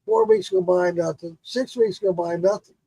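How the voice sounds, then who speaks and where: Husky high-voiced storyteller man. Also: huge pitch swings, normal speed, mellow, no room sound, poor audio. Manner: profane, laughing storyteller, acts out quotes. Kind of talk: casual storytelling chat.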